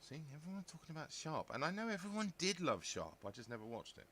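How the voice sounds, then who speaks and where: A man's voice: medium pitch, sing-song, a little fast, a bit bright, a little hiss or hum. A man, chatting casually as a podcast host, rambling along with jokey asides. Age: 50s. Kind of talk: casual chat.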